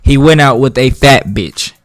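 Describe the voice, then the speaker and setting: A man's voice: mid-range voice, measured pace, soft background music. Profane, swaggering storytime guy. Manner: profane, slangy, dramatic storyteller with big swings in loudness. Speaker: vlogger telling a story. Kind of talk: casual storytime.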